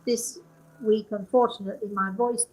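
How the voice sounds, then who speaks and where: An older woman hosting a live show as a psychic medium, talking in a chatty, encouraging and self-deprecating way with a hoarse voice that is still recovering. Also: medium pitch, fairly even intonation, normal speed, a little mellow, rough recording. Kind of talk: live online call-in talk.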